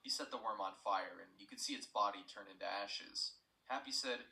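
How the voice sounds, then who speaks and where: A man's voice: lowish voice, fairly quick, bright, forceful tone, roomy sound, distant mic, rough recording. A young man retelling a story in scripted narration, plain and matter-of-fact with asides.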